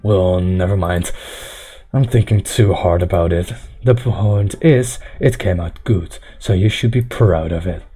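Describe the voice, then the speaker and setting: A man's voice: deep voice, unhurried, dark tone, slightly rough. Man reading a visual novel aloud. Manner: narrates dialogue and breaks off with joking asides. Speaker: streamer.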